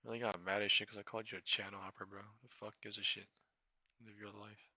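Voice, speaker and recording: A man's voice: fairly low pitch, level tone, fast talker, sharp tone, dry recording. A young man hosting a live trading stream, swearing freely and mocking viewers in chat. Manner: profane, mocking, reacts to chat. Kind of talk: casual livestream commentary.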